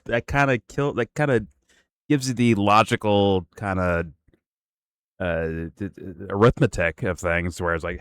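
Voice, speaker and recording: A man's voice: on the low side, unhurried, a bit bright, clean tone, no echo. A male host giving casual reaction commentary, incredulous and profane, rambling and restarting his sentences.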